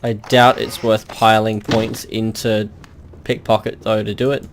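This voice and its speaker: A man's voice: lowish voice, flat delivery, measured pace, noisy background. A man giving casual gameplay commentary with dry, wry asides and the odd crude joke. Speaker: let's play host.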